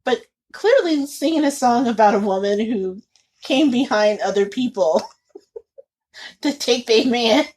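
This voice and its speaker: A woman's voice: on the high side, lively intonation, measured pace, a little mellow, slightly rough. A woman co-hosting a podcast, chatting casually and laughing often. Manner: chatty and giggly, with frequent laughter. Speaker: podcast co-host. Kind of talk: casual chat.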